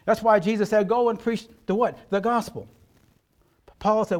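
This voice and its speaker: Older man, pastor, sermon, folksy, emphatic, rhetorical questions, high-pitched. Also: fairly quick.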